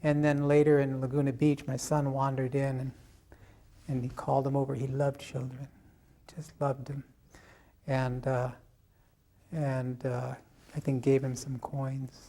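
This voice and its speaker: An older man recalls an old memory for an interviewer, telling it slowly and haltingly. His voice is mellow and warm. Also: mid-range voice, monotone. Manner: unhurried, halting storytelling. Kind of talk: personal reminiscence.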